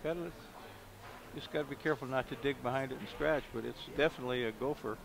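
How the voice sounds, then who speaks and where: A man's voice: medium pitch, quick pace, creaky. A man doing live commentary on a pool match in a pool hall, thinking aloud about each shot. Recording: noisy live venue stream.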